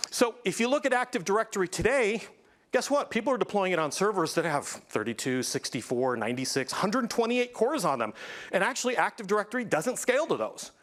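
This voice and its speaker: A man delivering a conference tech talk with a showman's energy. His voice sits high and leaps widely in pitch. He swings from hyped build-ups back to plain explanation. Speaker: conference presenter. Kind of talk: keynote-style tech presentation.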